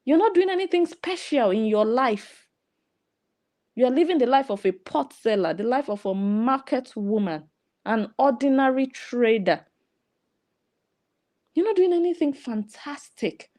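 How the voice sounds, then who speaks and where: A woman's voice: a little high, animated, unhurried, long pauses, dark tone. A woman with a Nigerian English accent, giving sarcastic, scolding commentary. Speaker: online commentator. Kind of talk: ranting commentary.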